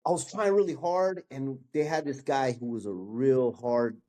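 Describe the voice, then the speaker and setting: Mellow-voiced man telling his story. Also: mid-range voice, normal speed. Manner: animated, acts out the people in his story, peppers talk with "bro" and "man". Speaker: guest sharing his testimony. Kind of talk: casual storytelling.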